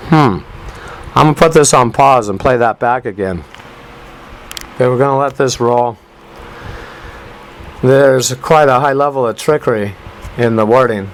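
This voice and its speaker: A man's voice: mid-range voice, unhurried, long pauses, a little hiss or hum, poor audio. A man hosting a talk radio show, commenting on a news clip in an emphatic, rambling way with rhyming asides. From United States.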